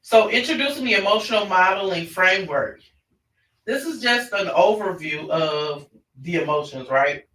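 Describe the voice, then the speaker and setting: A man's voice: high voice, animated, moderate pace, sharp tone. A man presenting an online parenting class in a conversational way, often restarting his sentences. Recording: roomy, distant mic.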